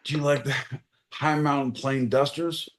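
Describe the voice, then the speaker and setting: A man hosting a podcast, swearing constantly and swinging from shouting to mumbling. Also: medium pitch, steady tone, moderate pace, a little hiss or hum. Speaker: podcast host. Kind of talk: crude comedic banter.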